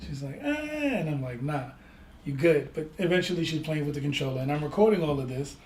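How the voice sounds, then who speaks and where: Man, podcast co-host, animated storyteller, slightly high voice, roomy echo. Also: fast talker. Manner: animated storyteller, acts out voices in his anecdotes. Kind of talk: casual chat. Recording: echoey room with faint ambient noise.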